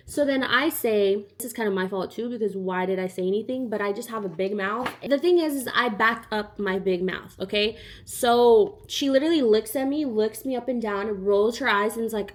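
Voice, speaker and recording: A young woman, her voice sitting a little high. She tells a storytime in a loose, chatty way. She keeps slipping into the voices of the people in her story. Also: moderate pace. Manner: chatty and animated, acting out the other people in the story. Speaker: vlogger. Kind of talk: casual storytime.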